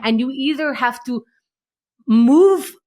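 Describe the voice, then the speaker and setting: A woman co-hosting a casual chat podcast, her voice sitting at an ordinary middle pitch. She retells scenes with lively energy and acts out the characters' lines as she goes. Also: a little slow. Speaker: podcast co-host. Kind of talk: casual chat recapping a TV episode.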